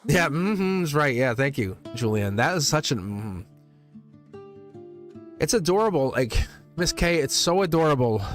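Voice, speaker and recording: A man's voice: on the high side, sing-song, measured pace, long pauses, faint music behind. A man reading tarot cards live for his viewers, chatty, laughing often and repeating himself. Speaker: tarot reader, livestream host.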